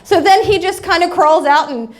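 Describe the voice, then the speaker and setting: A woman's voice: very high voice, normal speed. A woman pastor giving a sermon, telling humorous family stories in a chatty way. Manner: chatty, humorous anecdotes with acted-out quotes. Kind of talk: sermon storytelling.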